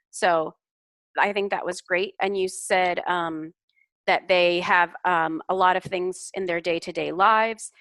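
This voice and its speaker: A woman coaching a student's English over a video call, patient and encouraging. Her voice is bright and clear, recorded dry and close with no room sound. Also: lowish voice, a little slow, no room sound. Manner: encouraging, explains corrections patiently. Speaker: English speaking tutor. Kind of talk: online tutoring feedback.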